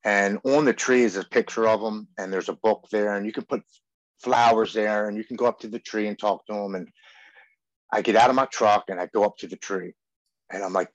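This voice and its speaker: A man's voice: fairly low pitch, fairly even intonation, brisk, no room sound. A man in his forties, a podcast guest, earnestly telling his personal recovery story and acting out the things he and others said. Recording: dull, muffled podcast audio.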